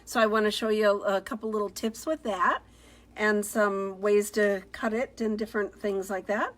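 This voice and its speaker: A woman's voice: mid-range voice, steady tone, moderate pace. Chatty middle-aged woman on a phone livestream. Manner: chatty, upbeat, greets viewers by name. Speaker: card-making demonstrator. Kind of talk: casual live-stream craft demo.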